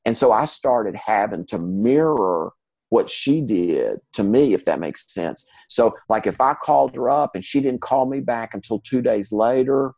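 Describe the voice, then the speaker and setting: A man's voice: medium pitch, unhurried, dry recording. Folksy man telling stories. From Mississippi, US. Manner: folksy, animated storyteller who acts out dialogue. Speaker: guest in recovery. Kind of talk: casual storytelling interview.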